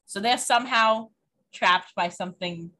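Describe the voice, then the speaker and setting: A woman's voice: medium pitch, measured pace, pushed and bright. A woman co-hosting a casual podcast, chatty and joking, peppering her talk with "like". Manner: chatty, uses "like" a lot, jokey asides. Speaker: podcast co-host. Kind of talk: casual recap chat.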